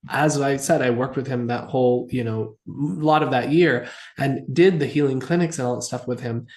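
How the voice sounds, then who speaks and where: A man's voice: mid-range voice, normal speed. Man telling a story in an echoey room. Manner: animated, acts out quoted dialogue. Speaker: interview guest. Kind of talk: storytelling in an interview. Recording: roomy echo.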